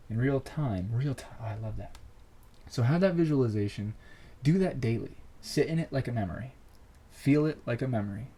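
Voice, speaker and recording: A man hosting his own podcast, talking listeners through a motivational monologue in an earnest, encouraging way that repeats key phrases and leaves soft pauses. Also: medium pitch, low-quality recording. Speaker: podcast host.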